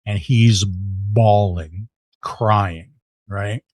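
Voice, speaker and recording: A middle-aged man, a podcast guest, telling a story in casual conversation, animated, with lots of fillers and restarts. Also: fairly low pitch, extremely slow, husky, dry recording.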